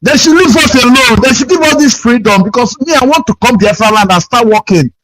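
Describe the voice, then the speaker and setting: A man's voice: extremely high pitch, expressive, brisk, a bit bright, low-quality recording. Aggrieved Nigerian caller man. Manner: aggrieved, repetitive pleading. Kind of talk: call-in to a radio show.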